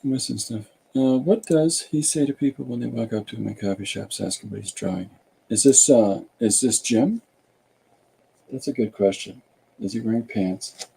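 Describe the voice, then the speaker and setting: Man, podcast host, casual chat while drawing, husky, mellow, rambling and jokey. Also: mid-range voice, moderate pace. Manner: rambling, jokey, musing aloud.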